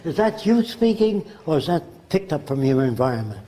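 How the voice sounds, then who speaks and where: Speaking a little fast, with a dark tone, a highish voice, and big swings in pitch, a man in his nineties from the United States delivers a conversational public lecture. Now and then he imitates accents, and his words echo around the lecture hall.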